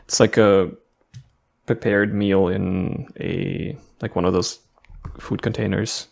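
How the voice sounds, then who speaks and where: A man's voice: sits low, level tone, slow, vocal fry. A man co-hosting a podcast in casual chat, giving short, hesitant replies. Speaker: podcast co-host.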